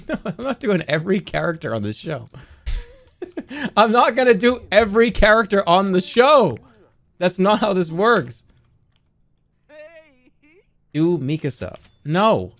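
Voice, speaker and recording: A man's voice: sits high, very animated, measured pace, vocal fry, fairly bright tone. A man livestreaming who chats casually and sarcastically, talking straight to his viewers. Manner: sarcastic, joking, talks straight to the chat.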